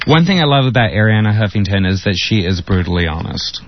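A man's voice: on the low side, normal speed, slight background noise. A man on a radio talk show panel, outspoken and joking, chatting casually with his co-hosts. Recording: dull, lo-fi radio sound.

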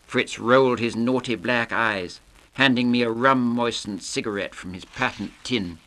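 A man's voice: medium pitch, moderate pace, bright, forceful tone. Man reading a novel aloud. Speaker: reader.

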